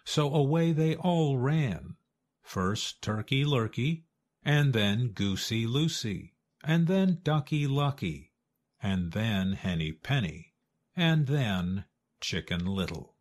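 Brief: male narrator for a learners' storybook, clear and expressive, unhurried. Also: mid-range voice.

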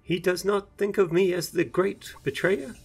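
A man's voice: on the high side, expressive, normal speed, slightly rough, faint music behind, voice pushed up. A man voicing an ageless woman warrior-monk in a storybook reading, clipped and commanding, raised above his own voice. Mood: questioning.

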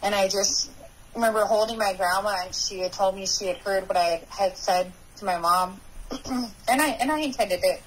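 A woman of ordinary pitch recounts her past in a halting, searching way, often pausing and starting her sentences over. She speaks as a guest on a recovery talk show. A faint hum of background noise sits under her voice. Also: rough recording. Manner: halting, with frequent restarts and pauses. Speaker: podcast guest sharing recovery story. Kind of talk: personal storytelling interview.

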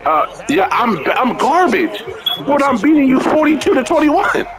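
Playing a football video game, a man trash-talks his opponent over headset chat, mocking and taunting him with plenty of profanity. His very high voice swings widely in pitch at a normal speed, with the game's crowd and commentary in the background.

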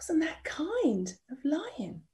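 A woman storyteller reading a children's story aloud, expressive, dropping to whispers and inviting listeners to join in. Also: high-pitched, takes it slowly.

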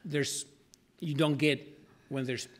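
A man's voice: fairly high pitch, steady tone, slow. A man presenting a talk, answering audience questions in a thoughtful, hedging way with frequent fillers. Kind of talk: discussion Q&A.

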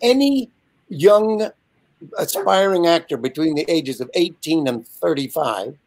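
A man in his seventies, a guest telling a lively, animated anecdote over a video call. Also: fairly high pitch, unhurried. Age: 70s. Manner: lively, animated storyteller with frequent asides. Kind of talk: casual anecdote storytelling.

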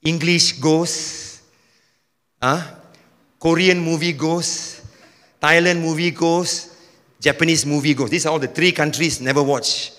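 A man preaching a sermon with energy, now and then rising to a shout. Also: on the high side, steady tone, unhurried, pauses often, in a large hall. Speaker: pastor.

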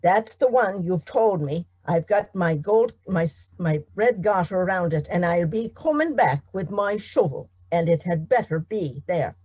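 A woman voicing a stubborn, greedy male farmer who speaks forcefully and insistently. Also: lowish voice, expressive, unhurried, few pauses, slightly rough, no echo. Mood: firm.

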